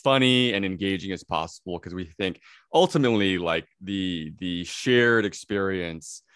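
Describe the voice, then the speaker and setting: A man's voice: deep voice, moderate pace, a bit bright, smooth, dry recording, clean studio sound. A man being interviewed about his documentary, talking earnestly and reflectively and often repeating words as he thinks. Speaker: documentary filmmaker guest. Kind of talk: casual interview.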